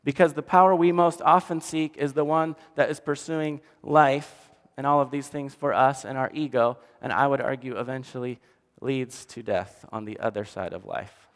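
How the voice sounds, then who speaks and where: Animated male pastor preaching in a hall. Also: mid-range voice, normal speed. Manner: animated storytelling, drops to quiet for emphasis. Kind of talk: sermon. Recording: long hall reverb.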